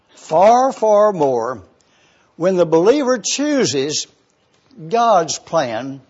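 A man preaching a sermon, slow and emphatic, stopping to spell out words for his listeners. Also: sits high, darkish tone, breathy edge. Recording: dull lo-fi recording.

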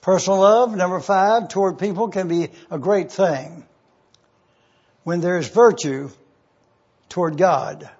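Male preacher, high husky voice, deliberate repeated phrasing, muffled recording. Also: darkish tone. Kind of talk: numbered teaching sermon.

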